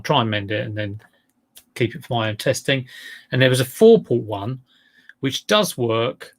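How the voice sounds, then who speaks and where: A man's voice: medium pitch, a bit bright. A man chatting casually on a live stream, rambling and self-deprecating as he goes through items he bought to resell.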